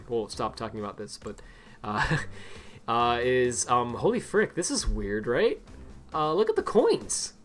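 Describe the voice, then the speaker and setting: A man's voice: medium pitch, fairly bright tone. A young man chatting casually on a game stream to his viewers, rambling with many laughs. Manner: rambling, lots of fillers and restarts, quick laughs. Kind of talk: casual live-stream chat.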